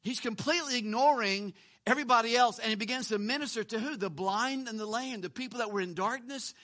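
High, bright-voiced male preacher. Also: quick pace. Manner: conversational, repeats words, asks rhetorical questions. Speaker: pastor. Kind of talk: sermon.

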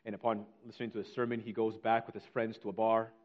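A man preaching a sermon, reading scripture slowly and telling a story with earnest feeling. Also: fairly low pitch, little pitch movement, muffled recording. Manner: earnest preaching, slows on scripture, drops to near whisper. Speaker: pastor.

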